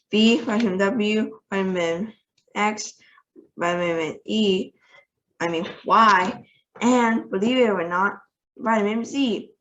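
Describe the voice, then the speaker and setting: A woman's voice: mid-range voice, muffled recording, slight background noise. A woman reading a children's novel aloud. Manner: lively, expressive narration. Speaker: storybook reader.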